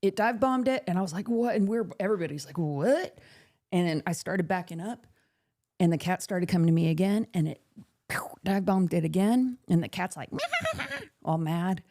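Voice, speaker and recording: A woman podcast host telling a story in casual chat. She talks in an animated way, swears freely and laughs often. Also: fairly low pitch, brisk.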